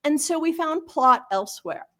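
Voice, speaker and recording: A woman's voice: high-pitched, lively intonation, moderate pace, fairly bright tone. A woman author, a guest on an interview show, talking directly and explaining her points with examples. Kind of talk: casual interview chat.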